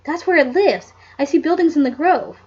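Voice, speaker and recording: A woman reading aloud, voicing a brisk, determined young woman detective who speaks crisply and gives orders. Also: high voice, a little mellow, pitched above the performer's own voice, lightly acted. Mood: commanding. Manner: crisp and commanding. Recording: dull lo-fi home recording.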